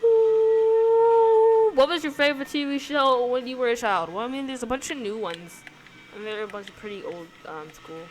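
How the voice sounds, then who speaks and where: Lively, rambling young woman. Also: fairly high pitch, brisk. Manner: rambling, hesitant, lots of ums and likes. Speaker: vlogger answering a question tag. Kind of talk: casual chat, reading questions aloud and answering. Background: background music.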